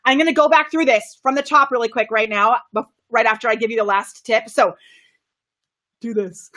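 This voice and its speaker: A woman coaching viewers on a live video stream, high-energy and excitable, laughing often, with her microphone set well away from her. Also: normal speed. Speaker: camera confidence coach. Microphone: microphone kept far from her.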